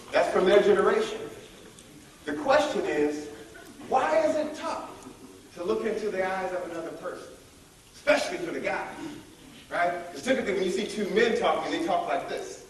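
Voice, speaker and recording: A man with a fairly high voice leads a leadership workshop, energetic and playful as he works a live group. He sounds distant from the microphone, and his voice rings around a large, echoey hall. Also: normal speed, pauses often. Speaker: workshop speaker. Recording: echoey room from far off.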